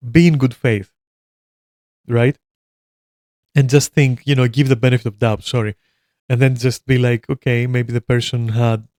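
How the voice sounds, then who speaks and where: A man's voice: medium pitch, darkish tone, clear, resonant tone, no room sound, clean studio sound. A man streaming a reaction, giving blunt opinions in a rambling casual rant full of swearing.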